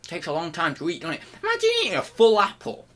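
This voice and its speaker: A man hosting a comic vlog in a playful, mock-grandiose way. His bright voice leaps between loud bursts and near-whispers, and the pitch swings freely. At times he talks through mouthfuls of food. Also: wildly swooping pitch, quick pace. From United Kingdom. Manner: talks while chewing an apple. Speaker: online reseller and channel host.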